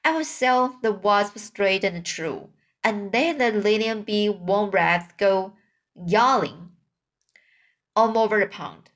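A woman voicing a small, plucky male mouse sailor who speaks boldly and crisply in a storybook reading. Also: mid-range voice, slow, close to an everyday voice. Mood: cheerful. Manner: bold, crisp and eager.

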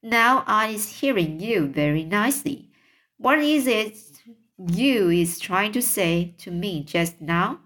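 A big kindly old giant with muddled grammar, as a woman puts him on, talking slow and even from a storybook. her voice sits mid-pitch and unhurried, a gentle read-aloud giant. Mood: cheerful. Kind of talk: reading a children's book aloud.

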